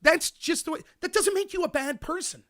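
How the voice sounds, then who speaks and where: Speaking a little fast in a very high-pitched voice, this US talk show host delivers an opinionated political monologue. He is animated and addresses his audience straight on.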